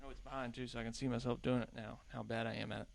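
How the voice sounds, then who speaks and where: A man's voice: mid-range voice, level tone, very fast, gravelly. A young adult man hosting a solo podcast, chatting in a rambling, self-deprecating way at a desk mic. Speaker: podcast host.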